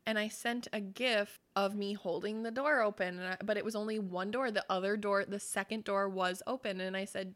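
A woman's voice: medium pitch, moderate pace, pushed and bright. A woman co-hosting a podcast in casual chat, effusive and giggly, swearing freely. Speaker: podcast co-host.

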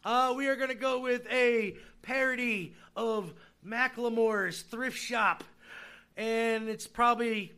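A man co-hosting a casual podcast, chatty and quick to laugh. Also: very high voice, clear, resonant tone. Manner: laughs often, chatty and excitable. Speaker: podcast co-host. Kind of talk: casual chat.

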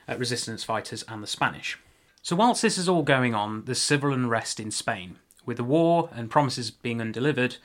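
Medium in pitch and a bit bright, this podcast host's voice leads a laid-back history show. His talk is loose, peppered with jokes on the side and frequent self-corrections.

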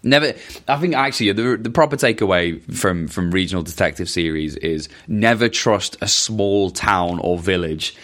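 A man's voice: low voice, normal speed, fairly bright tone. A man hosting a podcast, casually answering listener questions in a rambling, self-interrupting way with chuckling asides. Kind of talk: casual chat.

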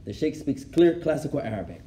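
A man gives a lesson in a mellow, fairly high voice. He moves back and forth between English and Arabic, repeating key phrases for emphasis and laughing at his own anecdotes. His delivery is that of a teacher addressing a class. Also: big pitch swings, fairly quick. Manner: switches between English and Arabic, translating as he goes. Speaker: Islamic teacher.

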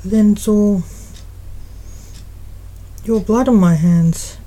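An anxious teenage goth boy necromancer pleads his case in a slow, dark, mellow voice, as a woman narrator reads his lines. His delivery stays plain and storybook-like, with little change from her own voice. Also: mid-range voice, poor audio.

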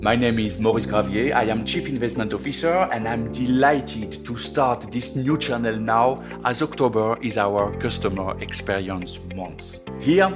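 A middle-aged man with a French accent, hosting a podcast and delivering scripted, measured commentary on investments. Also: medium pitch. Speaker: podcast host, investment officer.

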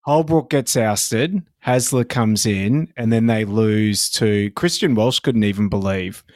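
A man's voice: lowish voice, slow pace, darkish tone, dry recording. A man co-hosting a sports podcast, chatting casually, swearing freely and laughing as he rambles through his points. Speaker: podcast co-host.

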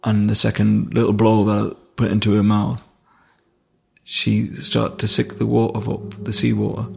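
In a conversational podcast appearance, a man from Durham, England, relates a personal story with emotion, halting and starting over repeatedly. The voice is rather low and gravelly, its delivery flat.

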